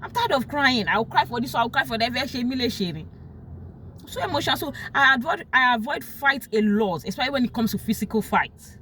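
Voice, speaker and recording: Animated Nigerian woman telling a story. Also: on the high side, fairly quick, slight background noise. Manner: emotional, animated, quotes others in sharp raised tones. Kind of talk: casual personal storytelling.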